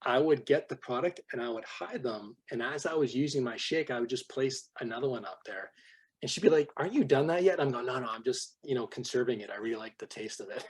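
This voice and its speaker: Husky storytelling man on a team call. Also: mid-range voice, fast talker. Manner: animated storyteller, acts out quoted dialogue. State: voice worn from much talking. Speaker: guest trainer on a team call. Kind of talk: personal story talk to a sales team.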